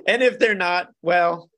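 A man's voice: sits high, slow pace, fairly bright tone. A man co-hosting a podcast in casual chat, rambling, repeating himself and laughing often. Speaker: podcast co-host.

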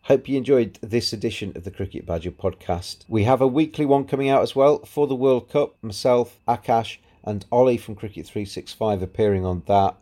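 A man's voice: mid-range voice, brisk, few pauses, dark tone. A man from Yorkshire hosting a podcast, delivering an opinionated rant in a solo monologue. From Yorkshire, England. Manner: opinionated, ranting. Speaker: podcast host.

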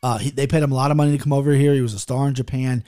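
A man talking through his fight-betting picks in a loose, profane monologue. He trips over his own sentences and wanders off topic. He speaks at an ordinary mid-range pitch, and the recording is close and dry, with no room sound. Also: steady tone, rapid-fire, dark tone, no echo. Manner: profane and rambling; restless, self-interrupting.

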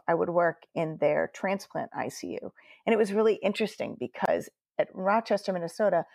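Nurse lady in her 40s telling her story, lowish voice, dry close sound. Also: vocal fry, no room sound. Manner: earnest, animated storytelling, quoting herself. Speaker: guest nurse. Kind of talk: conversational interview storytelling.

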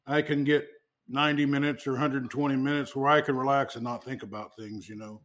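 A man hosting a casual interview, talking in a relaxed, halting way with plenty of pauses. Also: mid-range voice. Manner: relaxed, halting, lots of fillers. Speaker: host.

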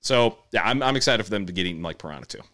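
A man in his thirties co-hosting a podcast, speaking in a measured way, restarting sentences as he clarifies his points. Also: on the low side, lively intonation, pushed and bright. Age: 30s. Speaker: podcast co-host. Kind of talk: casual chat.

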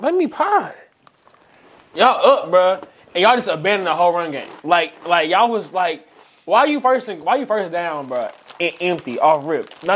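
A man's voice: high voice, fairly bright tone. A young man arguing about a football game in casual, slangy chat, repeating himself as he builds his point.

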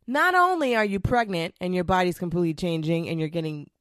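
A young woman vlogging, ranting bluntly and profanely in a casual, animated way. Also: lowish voice, brisk, dry recording, studio quality. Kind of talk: casual rant to camera.

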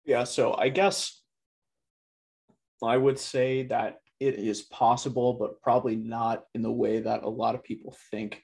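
A man talking in a loose, casual way, full of fillers like "like" and "you know", in a relaxed discussion. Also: mid-range voice, unhurried, gravelly.

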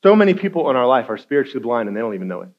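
A man giving a guest sermon in a casual, conversational way, acting out quotes and rising to loud intensity. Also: mid-range voice, big pitch swings, very fast, lo-fi sound. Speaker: guest speaker.

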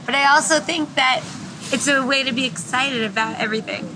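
A young woman in her twenties with a slightly raspy voice, thoughtfully explaining her beliefs in a street interview. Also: high-pitched, fairly quick, noisy background. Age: 20s. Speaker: college student, interviewee.

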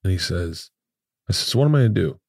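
A man's voice: deep voice, expressive, fast, creaky, darkish tone, dry recording, clean studio sound. A middle-aged man, a podcast guest, tipsy from wine, speaking in an emotional casual chat, swearing freely and stammering over his words.

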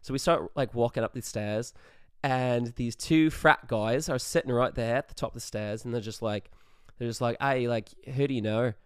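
A man's voice: mid-range voice, normal speed, clean tone, no echo, clean studio sound. A man telling a wild party story in a casual vlog, rambling, swearing and filling with "like". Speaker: vlogger.

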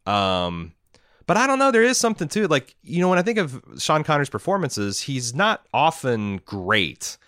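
Smooth-voiced man rambling about films. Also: on the high side, very animated, normal speed, fairly bright tone, no echo, clean studio sound. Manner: rambling, enthusiastic, many restarts. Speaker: podcast co-host. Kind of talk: casual film discussion.

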